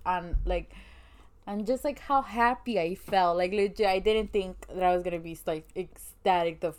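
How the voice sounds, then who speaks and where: A young woman co-hosting a podcast, chatting casually, emotional and animated, laughing often. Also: on the low side, normal speed. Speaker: podcast co-host. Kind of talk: casual chat.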